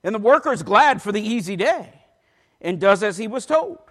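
A pastor preaching a sermon in a church, reading scripture aloud with an emphatic delivery. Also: male voice, sits high, very animated, moderate pace, fairly bright tone. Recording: long reverb of a large hall.

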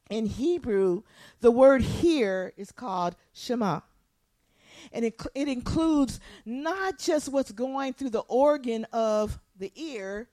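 A woman preaches a sermon in church, moving between soft, low asides and impassioned near shouting. There is no room sound.

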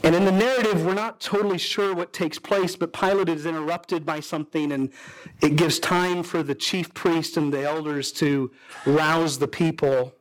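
A pastor preaches a sermon, telling a story dramatically with sudden rises and drops in his voice as he voices the characters with pitch swings. Overall his intonation is fairly even and his speed normal.

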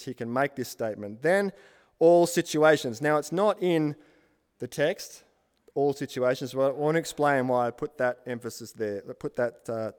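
A man's voice: medium pitch, a little mellow, long reverb tail. A man preaching a sermon as pastor, building emphatic lists and asking the congregation questions.

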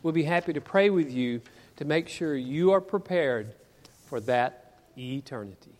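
A man in a church sanctuary delivers an earnest sermon, often putting rhetorical questions to the congregation. His voice sits somewhat high for a man, and it carries a long echo through the hall. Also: expressive, measured pace, darkish tone. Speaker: preacher.

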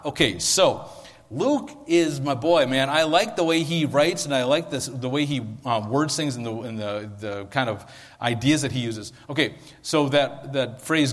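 A long reverb tail trails this male pastor's medium-pitched voice as he preaches at a moderate pace. Speaking into a handheld or stand microphone, he stays chatty and often asks his listeners "right?"

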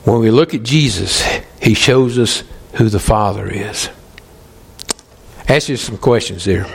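A male pastor, preaching emphatically, slowing and pausing for stress. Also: on the low side, creaky, husky. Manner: emphatic, pleading with pauses. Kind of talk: sermon.

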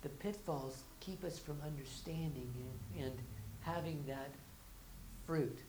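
A woman's voice: low voice, unhurried, background noise. A woman preaching a conversational sermon. She restarts and repeats words, and she acts out the everyday voices of her listeners.

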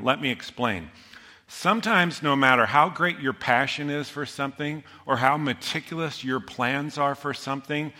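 A man in his fifties delivers a sermon in a bright, ringing voice. He tells stories from his own life with animated, self-deprecating humor. His words carry a long reverb from a large hall. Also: mid-range voice. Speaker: pastor.

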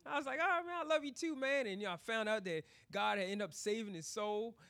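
A man's voice: high-pitched, fast talker, bright, forceful tone, clean tone. A man preaching a sermon, telling a personal testimony in a chatty way full of "you know" and "you see", then building into emphatic preaching. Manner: testimony told conversationally, rising into emphatic preaching.

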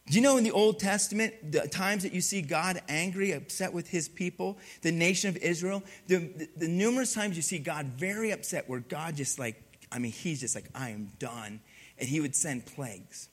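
Bright-voiced, animated male pastor. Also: sits high. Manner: animated, swings from hushed to loud, humorous asides. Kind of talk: sermon.

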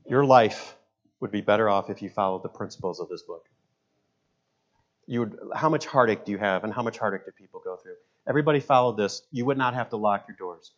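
A man's voice: medium pitch, muffled recording. A man in his fifties, a pastor, preaching a sermon with folksy stories, jokes and asides. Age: 50s.

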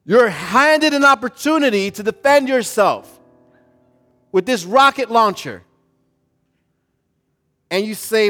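A male pastor delivering a sermon in a church service, with a high voice. He tells a story, then builds to loud, urgent calls to the congregation. Faint music plays in the background. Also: lively intonation, slow, pauses often.

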